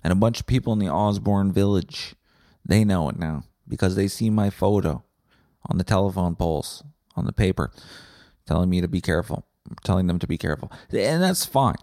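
Profane man ranting low. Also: fairly quick, mellow, dry recording, studio quality. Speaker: podcast host. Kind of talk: comedic rant monologue.

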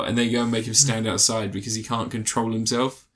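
A man's voice: on the low side, fairly even intonation, quick pace, a bit bright. A young man co-hosting a podcast, rambling through a film summary with many restarts and fillers. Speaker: podcast co-host reviewing a film. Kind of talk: casual chat.

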